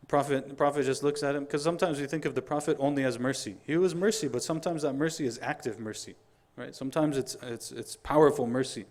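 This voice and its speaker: A middle-aged man giving a Friday sermon, telling stories in an animated way, acting out the dialogue and reciting quotations quickly. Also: medium pitch. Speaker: preacher.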